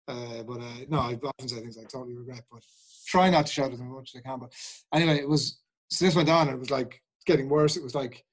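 A man's voice: medium pitch, fast, poor audio. A man co-hosting a casual podcast chat, telling a story and acting out the quoted lines. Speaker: podcast co-host.

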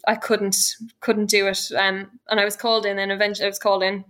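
An Irish woman in her thirties recounts a hard personal experience in a bright, crisp voice. She speaks earnestly and with deep feeling, breaking off mid-sentence and starting again as she tells it. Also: little pitch movement. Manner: earnest and emotional, with halting restarts. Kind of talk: personal storytelling.

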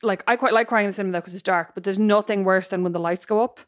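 A woman's voice: medium pitch, fairly even intonation, dry recording, studio quality. A woman co-hosting a podcast, talking casually and bluntly and teasing her co-host. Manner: fast, blunt, teasing talker. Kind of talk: casual chat.

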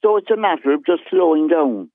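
A man's voice: fairly high pitch, lively intonation, fairly quick, no room sound. Earnest Cork man on a tinny phone line. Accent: Cork Irish. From Cork, Ireland. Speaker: caller. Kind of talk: radio phone-in chat.

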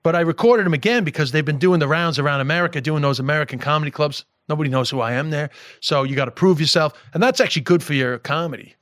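A middle-aged man whose accent mixes New York and Irish tells stories on a podcast. His voice sits somewhat high, and it is recorded dry and close. He is animated and profane, often laughing mid-sentence. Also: fast, hardly any pauses, dry recording. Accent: mixed New York and Irish. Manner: animated storyteller, swears freely, laughs while talking. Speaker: comedian guest. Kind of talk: casual podcast chat.

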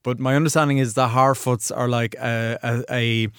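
A man's voice: medium pitch, level tone, normal speed, a bit bright, clean tone, dry recording, clean studio sound. An Irish man, a guest commentator in casual radio chat, rambling and chatty. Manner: chatty, rambling, keeps tagging "right?".

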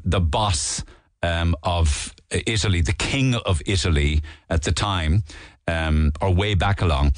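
Low-voiced chatty radio host. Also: male voice, no room sound, studio quality. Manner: chatty, rambling, jokey asides. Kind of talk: phone-in radio chat. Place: radio studio. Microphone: studio microphone.

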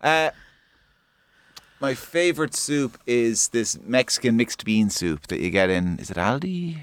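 A man's voice: mid-range voice, lively intonation, a little slow, clean tone, no room sound. Easygoing male radio host. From Ireland. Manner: easygoing, conversational. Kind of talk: radio interview. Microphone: studio microphone.

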